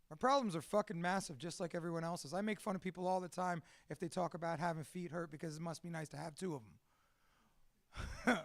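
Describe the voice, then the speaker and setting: A man's voice: sits high, dry recording, clean studio sound. A man giving a blunt, candid talk to a live audience, swearing constantly as he speaks. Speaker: speaker at a live storytelling event.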